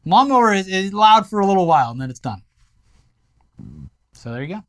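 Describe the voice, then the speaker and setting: A man's voice: high-pitched, very animated, brisk. A man co-hosting a comedy news podcast, cracking dry jokes and telling rambling stories. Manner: dry wisecracks and rambling anecdotes. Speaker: podcast co-host. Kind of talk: casual comedic news banter.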